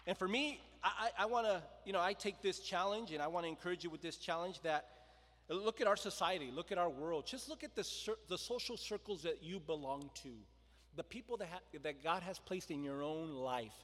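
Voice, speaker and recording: A man preaching a sermon, telling the story with lively voices for the crowd and stopping to ask his listeners questions. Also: high voice, brisk. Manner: animated storytelling, acting out the crowd and quotes. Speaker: pastor. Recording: long reverb of a large hall.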